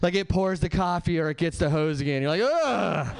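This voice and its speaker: A man from Southern California doing a stand-up comedy set on a club stage, punchy and animated, swinging his voice high and low for effect. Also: fast, clean tone.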